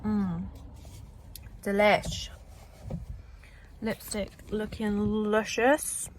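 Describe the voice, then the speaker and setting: A woman's voice: medium pitch, little pitch movement, very slow, slight background noise. A woman chatting casually in a vlog from inside a car, filling her talk with "like" and dry, self-mocking asides. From England. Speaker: beauty student reviewing lipstick.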